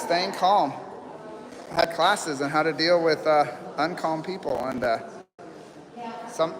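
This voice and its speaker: Calm rambling man on a live stream. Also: fairly high pitch, in a large hall, poor audio. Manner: calm, rambling, soft-spoken with fillers. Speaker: livestream host at horse rescue. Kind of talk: live commentary. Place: outdoor horse pens with people around.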